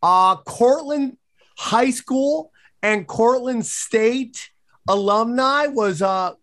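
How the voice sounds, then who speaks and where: A man's voice: very high voice, drawn-out words, fairly bright tone. A man hosting a podcast over a video call in casual, joking chat. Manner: joking, rambling. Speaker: podcast host.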